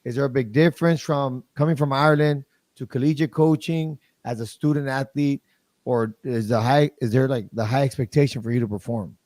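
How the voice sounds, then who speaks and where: A man's voice: mid-range voice, brisk, darkish tone, dry recording. A man hosting an interview, asking curious questions with stammered restarts. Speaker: podcast host. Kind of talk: casual interview talk.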